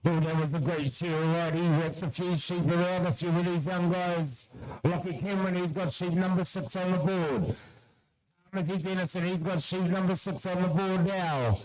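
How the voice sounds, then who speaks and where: Kiwi guy commentating shearing live, highish voice, keeps yelling names and egging them on. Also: fairly even intonation, moderate pace, dry recording, low-quality recording. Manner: urges competitors on, calling out names.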